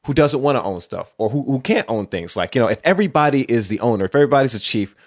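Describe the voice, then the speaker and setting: A man's voice: medium pitch, animated, fast. A man co-hosting a casual podcast, rambling through his points with lots of "you know" and "right" and getting worked up as he argues. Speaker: podcast co-host.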